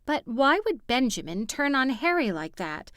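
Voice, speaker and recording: A woman voicing a chatty, excitable young woman. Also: high-pitched, moderate pace, no room sound, studio quality, voice pushed up. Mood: excited. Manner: talks endlessly, excitable. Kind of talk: audiobook character voice.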